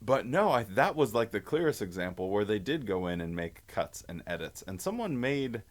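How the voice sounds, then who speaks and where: A man's voice: on the low side, sing-song, moderate pace. A man hosting a casual commentary video, rambling and wondering aloud as he talks.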